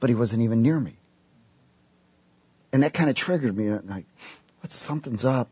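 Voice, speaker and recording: Husky-voiced man preaching. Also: mid-range voice, expressive, moderate pace, mellow, no room sound. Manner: storytelling, quoting voices in his tale. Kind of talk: sermon with personal story.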